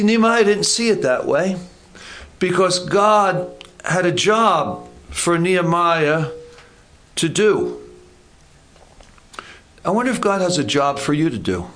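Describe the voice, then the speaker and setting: Guy preaching a sermon, fairly high voice, chatty with jokey asides. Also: a bit bright. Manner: conversational, joking asides, acts out dialogue.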